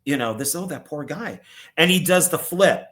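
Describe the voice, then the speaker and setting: A man co-hosting a casual film podcast, rambling through his points. His voice sits a little high for a man. He slips into quick character voices as he talks. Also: expressive, a bit bright. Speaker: co-host.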